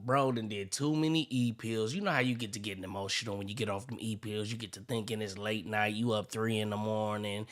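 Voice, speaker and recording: A man's voice: fairly low pitch, fairly even intonation, a little fast, few pauses. A man giving casual reaction commentary, joking and slangy.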